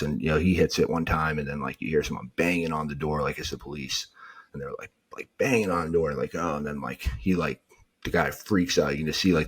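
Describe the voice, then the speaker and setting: A man's voice: extremely low pitch, breathy edge. A man, a podcast guest, telling a story in a rambling, casual way, packed with "like" and filler words. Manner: rambling, filler-heavy, lots of "like".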